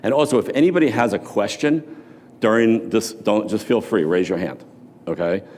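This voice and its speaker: Deep-voiced former floor trader from New York telling profane stories in a motivational speech, recorded with long hall reverb. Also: male voice, normal speed, darkish tone. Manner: casual storytelling with profanity.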